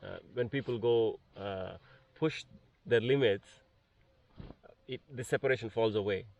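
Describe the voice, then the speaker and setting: Man, low gravelly voice, thoughtful, hesitant, casual reflective talk. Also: measured pace, darkish tone, far from the mic, lo-fi sound. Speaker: group participant.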